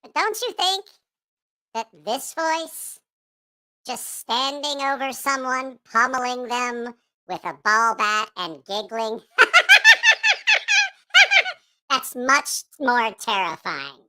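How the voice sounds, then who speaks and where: A man's voice: extremely high pitch, slow, pushed and bright, smooth, voice pushed up, exaggerated voice. A man voicing a grumpy, foul-mouthed childlike puppet character while chatting on a livestream, grumbling and swearing. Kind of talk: livestream chat in a put-on voice.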